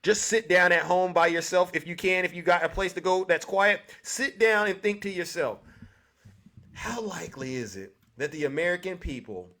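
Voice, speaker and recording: A man hosting a livestream political debate, animated and lecturing, repeating a guest's name. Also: sits high. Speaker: livestream host.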